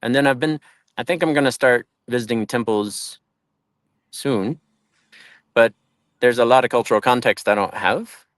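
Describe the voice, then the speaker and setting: Brief: chatty man, storytelling monk guest, dry close sound, mid pitch. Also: normal speed, pauses often, no room sound. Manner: chatty, acts out quoted voices, laughs often. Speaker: traveling bhakti yoga monk and teacher. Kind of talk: casual interview storytelling.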